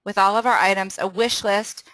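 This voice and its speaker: A woman with a mid-range, fairly bright voice hosts a casual sales training call, speaking at normal speed with fairly even intonation. She's upbeat, laughs often, runs a quiz and keeps restarting her sentences. The recording is dry and low in quality.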